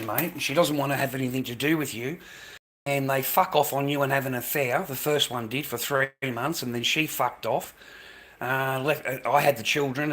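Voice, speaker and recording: A middle-aged man with an Australian accent, ranting angrily to camera with lots of swearing, stumbling and repeating himself. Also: medium pitch. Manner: angry, profane, repeats himself, stumbles over words. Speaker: vlogger.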